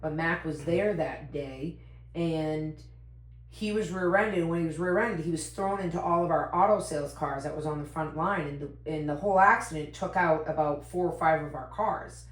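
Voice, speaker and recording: A woman with a fairly low voice hosts a casual podcast chat, telling stories in an animated way and laughing easily. Her voice sounds roomy, with echo from the room around her. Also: normal speed. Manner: animated, laughs often, acts out quotes. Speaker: podcast host.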